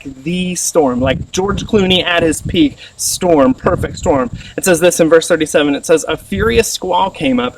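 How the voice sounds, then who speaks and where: A man in his thirties preaching a sermon as pastor, animated and acting out the voices of others. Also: a little hiss or hum. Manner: animated, acts out voices with rising pitch. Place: church sermon recording. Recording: voice a little distant from the mic.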